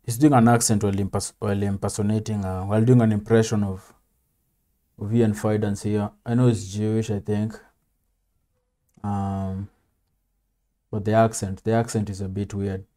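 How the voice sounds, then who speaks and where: A man's voice: on the low side, level tone, moderate pace, long pauses, mellow. A man hosting a reaction video, talking in a laid-back, rambling way with plenty of fillers. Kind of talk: casual reaction commentary.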